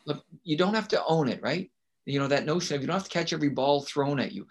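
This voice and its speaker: A man's voice: a little high, lively intonation, fast talker. A man speaking as a guest on a podcast about teaching. He talks emphatically and keeps checking in with rhetorical questions. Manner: emphatic, often asks rhetorical "right?". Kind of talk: casual interview talk.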